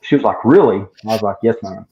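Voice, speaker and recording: A man's voice: lowish voice, fast talker, dark tone. A man telling a long story in casual chat, full of "I was like" asides, as a guest distiller. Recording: dull lo-fi sound.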